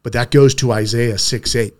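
A man's voice: mid-range voice, fairly even intonation, moderate pace, darkish tone. A middle-aged man hosting a conversational interview, speaking earnestly and often stopping to restart his sentences. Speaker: podcast host.

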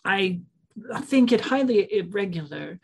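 A woman's voice: medium pitch, expressive, vocal fry, husky. A woman playing a formal-sounding character in a tabletop game. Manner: formal, deliberate phrasing. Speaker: player.

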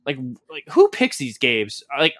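A man's voice: mid-range voice, wildly swooping pitch, a little slow, sharp tone, no room sound, studio quality. A man co-hosting a casual podcast, rambling along with plenty of swearing and sarcasm. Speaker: podcast co-host.

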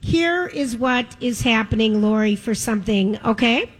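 A woman hosting a live radio broadcast, chatty and playful with quick asides. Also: on the high side, animated. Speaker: radio host.

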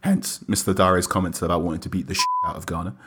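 Low-voiced male correspondent. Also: heavy background noise. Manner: measured, with many "uh" pauses. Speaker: correspondent on the line. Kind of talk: explaining in a conversational interview.

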